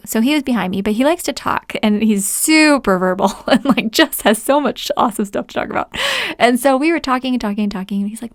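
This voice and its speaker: A woman's voice: fairly high pitch, fast talker, dry recording, studio quality. A woman in her forties hosting a podcast, telling a personal story in a chatty way and often laughing. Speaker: podcast host.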